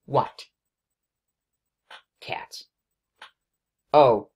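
A woman giving excitable let's play commentary as she plays, scolding herself and yelping at her mistakes. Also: very slow, lo-fi sound, slight background noise. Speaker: gaming video creator.

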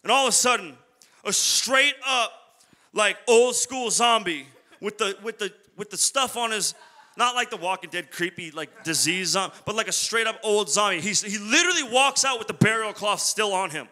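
A man's voice: high-pitched, lively intonation, moderate pace, sharp tone. A young man preaching a youth sermon in a casual, slangy storytelling way. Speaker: youth pastor.

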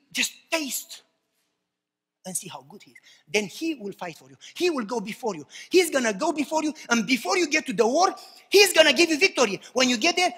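A man's voice: very high-pitched, slightly rough. Fervent male preacher in a reverberant hall. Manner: impassioned preaching, swings from shouts to hushed tones. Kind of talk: sermon.

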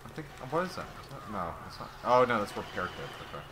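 A young man casually commentating a video game, rowdy, joking and shouting now and then. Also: fairly low pitch, sing-song, fast talker. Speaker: gamer. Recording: noisy gameplay capture.

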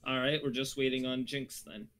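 A man narrating a tabletop game as game master, describing the scenes deliberately and laughing often. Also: mid-range voice, steady tone, fairly bright tone.

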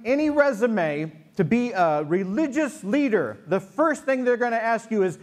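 A man's voice: high-pitched, very animated, normal speed, few pauses. A male pastor preaching a sermon to a congregation in a church, joking and telling stories in a conversational way. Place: church sanctuary before a congregation.

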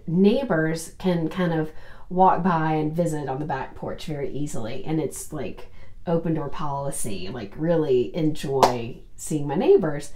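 A woman recounts a personal mishap in a relaxed, unhurried way, her pitch leaping up and down as she goes. She breaks into laughter often. The room around her rings with echo. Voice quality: laughs often, slow and animated, drawn-out phrasing. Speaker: storyteller host. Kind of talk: casual personal anecdote.

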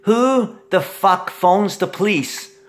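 A middle-aged man in a rambling monologue, agitated and profane, swinging between shouting and muttering. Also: sits high, takes it slowly.

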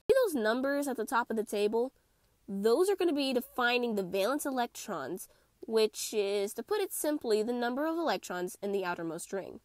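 A young woman with a stuffy, congested voice, hosting a playful, animated chemistry lesson. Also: fairly high pitch, no echo, clean studio sound. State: congested from a cold. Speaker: chemistry video host. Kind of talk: casual explainer lesson.

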